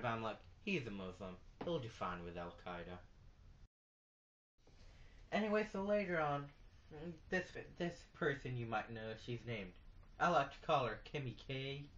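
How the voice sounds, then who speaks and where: Teen boy, stand-up comic, deadpan and boastful, mid-pitched, muffled phone audio. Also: normal speed. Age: late teens. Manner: boastful, deadpan, with slangy asides. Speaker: student comic. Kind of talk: stand-up comedy routine. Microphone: phone camera in the audience. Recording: lo-fi phone recording.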